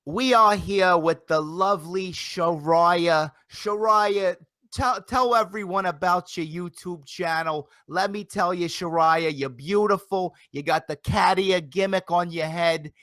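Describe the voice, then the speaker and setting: A gushing promoter voice, pitched well above the speaker's usual and stretched out slowly. It is heard in a dry, close recording, as a man puts it on for a laugh. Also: pushed and bright, no room sound. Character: male wrestling promoter impression, flattering, loud.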